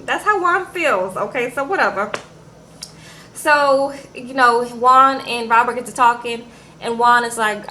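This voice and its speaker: Woman, casual recap host, sassy retelling, bright voice, fairly high. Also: unhurried, slight background noise. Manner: animated retelling, quoting people with "okay?" tags.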